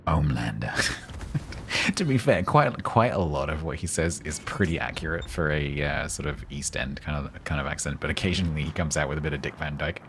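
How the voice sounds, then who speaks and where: A bass-voiced man from London, England speaks briskly over background noise during a casual live gaming stream. With a London accent, he chats with viewers and reacts sarcastically as he plays.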